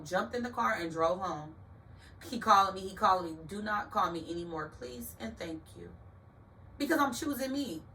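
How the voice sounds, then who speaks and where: A woman telling a personal story in an emphatic, animated way, talking straight to her listeners. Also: mid-range voice, normal speed, recorded from a distance, low-quality recording.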